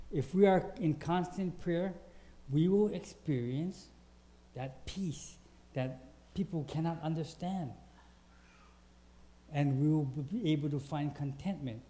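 Slow-talking male preacher, mellow voice. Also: fairly high pitch. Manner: conversational, asks the congregation questions; reads scripture aloud. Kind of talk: sermon.

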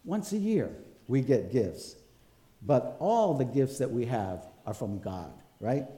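A man's voice: medium pitch, big pitch swings, slow pace, mellow. A man preaching a conversational sermon, telling stories and checking in with the congregation as he goes. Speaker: pastor. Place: church. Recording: roomy hall echo.

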